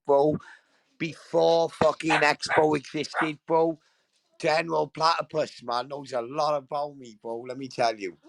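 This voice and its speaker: Brash sweary lad, raised voice. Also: male voice, fairly high pitch, creaky, dry recording, rough recording. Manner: brash and sweary, keeps tagging lines with bro and right. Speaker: livestream host. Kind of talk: rowdy livestream banter.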